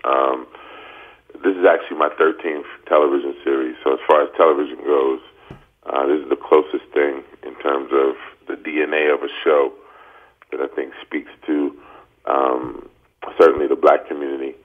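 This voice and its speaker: A man calling in as a radio guest, talking in a laid-back, measured way with many pauses and an early-morning voice. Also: a bass voice, flat delivery. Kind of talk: phone interview. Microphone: phone line. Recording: tinny phone line.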